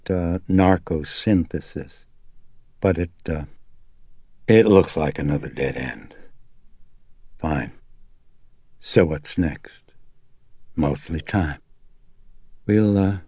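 Man doing a clinical doctor, low gravelly voice, measured hesitant delivery. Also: darkish tone, no echo, clean studio sound, heavily acted. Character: calm, clinical male doctor.

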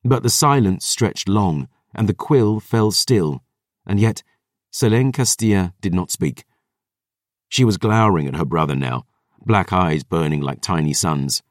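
Male audiobook narrator, dramatic and measured, deep-ish voice. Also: expressive, dry recording, clean studio sound. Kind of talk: scripted narration.

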